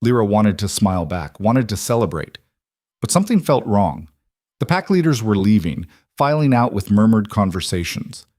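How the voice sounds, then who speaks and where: A man narrating a scripted fantasy story in a dramatic, steady way. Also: fairly low pitch, moderate pace, dry recording, clean studio sound.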